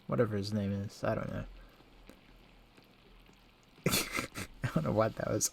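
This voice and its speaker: A man's voice: medium pitch, expressive, a little slow, vocal fry, long pauses, slight background noise. Joking man doing game commentary. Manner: joking, teasing. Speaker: gameplay video host. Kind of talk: casual let's play commentary.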